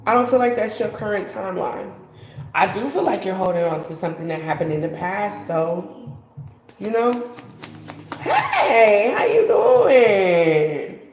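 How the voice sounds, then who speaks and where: A woman's voice: medium pitch, normal speed, darkish tone, reverberant, rough recording. Rambling woman giving a tarot reading. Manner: rambling, repeats herself, lots of "like". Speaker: tarot card reader. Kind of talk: casual live-stream tarot reading.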